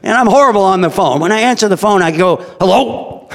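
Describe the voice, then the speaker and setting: A man's voice: sits high, expressive, quick pace, a bit bright, slight background noise. Blunt, joking middle-aged man in a hall. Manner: blunt, joking, conversational, chuckles often. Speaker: employer giving a talk. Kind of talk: humorous speech to an audience. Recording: long hall reverb.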